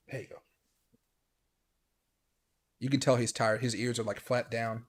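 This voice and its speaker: A man hosting a casual late-night crypto live stream from home, talking fast and rambling with lots of fillers and restarts. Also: medium pitch, little pitch movement. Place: home room.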